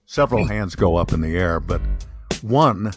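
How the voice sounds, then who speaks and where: Man, comic storyteller, meandering and self-correcting, lively voice, faint music. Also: low voice, normal speed. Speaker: podcast co-host telling a joke.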